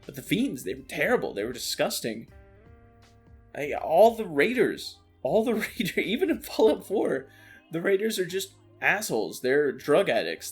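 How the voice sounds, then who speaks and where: A man ranting about a video game, animated, exasperated and full of swearing. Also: on the high side, husky. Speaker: streamer. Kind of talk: ranting gameplay commentary. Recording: faint lo-fi music underneath.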